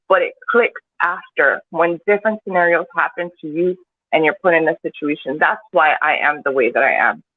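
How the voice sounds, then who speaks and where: A woman's voice: fairly low pitch, no room sound. A woman guest in a podcast discussion, speaking with raw emotion and heavy swearing. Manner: impassioned, profane, rising in intensity. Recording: tinny phone-like call with faint hiss.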